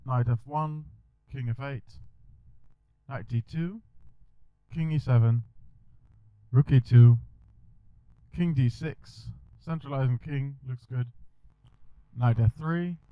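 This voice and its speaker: A man's voice: mid-range voice, slow, long pauses, smooth, dry recording. Man calling chess moves on a dull recording. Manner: talks through moves with small restarts. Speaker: chess coach. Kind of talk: chess video lesson.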